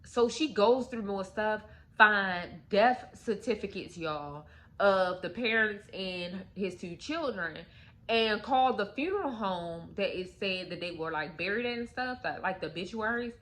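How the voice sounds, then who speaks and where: A woman's voice: medium pitch, unhurried, a bit bright. A young adult woman hosting a story time channel, casually retelling a story in a chatty way and addressing viewers directly. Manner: chatty, filled with "like" and "you guys".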